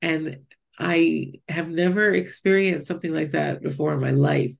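A woman from Pennsylvania telling an animated personal story in a casual chat. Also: low voice, normal speed, gravelly. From US East Coast, Pennsylvania. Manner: animated storytelling, quoting others.

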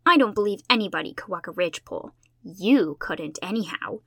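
A woman voicing a boastful, defiant schoolgirl who speaks in a flat, challenging tone. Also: mid-range voice, brisk, no echo, clean studio sound.

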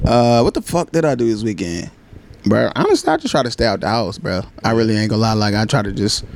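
A young man co-hosting a casual podcast, rambling in loose slang. His voice has a gravelly fry and moves up and down a lot. Faint noise sits underneath. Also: on the low side, very animated, fast talker. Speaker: podcast co-host. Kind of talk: casual chat.

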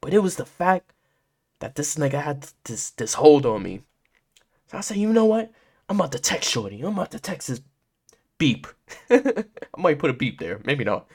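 A man's voice: on the high side, very animated, moderate pace, long pauses, slightly rough. A young man hosting a podcast, casually telling a story in heavy slang and laughing often. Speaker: podcast host.

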